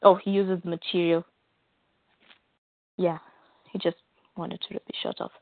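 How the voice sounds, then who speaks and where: A woman's voice: fairly low pitch, level tone, unhurried, no echo. A woman hosting a podcast who chattily walks through the plot of a comic. She talks loosely with little fillers. The sound is narrow and phone-like, with a very dry room. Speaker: comic book podcast host. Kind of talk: casual recap of a comic.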